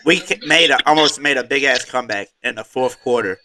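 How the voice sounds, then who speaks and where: A man's voice: mid-range voice, a little fast, bright, forceful tone, a little hiss or hum. A man co-hosting a casual sports podcast, laughing and teasing the others. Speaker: podcast co-host.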